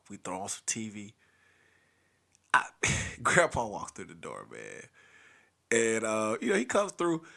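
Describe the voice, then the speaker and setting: A man hosting a comedy podcast, telling a family story with lively impressions of everyone in it. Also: mid-range voice, vocal fry. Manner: animated, acts out every character.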